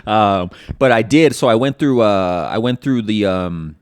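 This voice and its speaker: A man's voice: fairly low pitch, a little slow, a little hiss or hum. A man co-hosting a podcast in casual chat, rambling and swearing, with lots of fillers and restarts. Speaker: podcast co-host.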